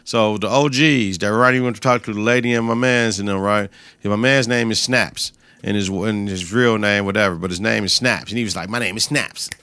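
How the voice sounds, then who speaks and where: Male podcast host with a bright, edgy voice, casual and profane, recorded dry and close. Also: fairly low pitch, fairly even intonation, a little fast, clear, resonant tone, no echo. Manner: loose, slangy, profane storytelling. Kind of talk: casual episode recap.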